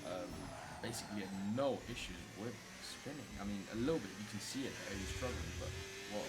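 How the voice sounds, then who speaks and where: A young man from Italy, an excitable race commentator on a live stream who swears freely and banters with chat. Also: lowish voice, a little fast. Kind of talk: live sim racing commentary. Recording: noisy stream audio.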